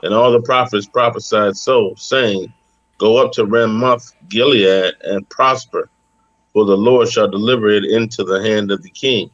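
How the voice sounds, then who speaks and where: A man reading scripture aloud at a steady, measured pace in a bible study. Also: fairly low pitch, no room sound, lo-fi sound. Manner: steady, measured reading of old-style text. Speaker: scripture reader.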